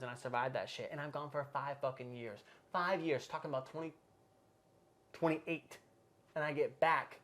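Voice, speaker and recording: A man's voice: fairly high pitch, fairly even intonation, normal speed, pauses often, a bit bright. A man in his twenties hosting a podcast, talking in a casual, profane, rambling way. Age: 20s. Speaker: podcast host. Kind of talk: casual chat.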